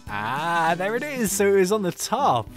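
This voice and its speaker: A man's voice: high-pitched, sing-song, moderate pace, music in the background. A man giving casual, playful game commentary, thinking aloud as he plays. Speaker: gaming YouTuber.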